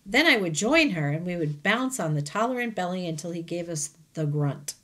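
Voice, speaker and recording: A woman teacher reads a children's novel aloud, slipping easily between the story and casual asides to her students. Her voice sits on the lower side for a woman, and her manner is gentle and chatty. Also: animated, moderate pace.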